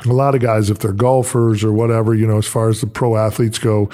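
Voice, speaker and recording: A man's voice: fairly low pitch, little pitch movement, fairly quick, dark tone. A man hosting a podcast, telling casual stories and often laughing as he talks. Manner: chatty storyteller, laughs while telling anecdotes. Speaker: podcast host. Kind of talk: casual interview chat.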